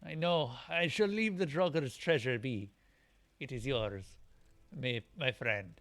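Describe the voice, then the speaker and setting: A man voicing a boastful young male Norse warrior, loud and declamatory, reading game dialogue aloud. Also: mid-range voice, slow. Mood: triumphant.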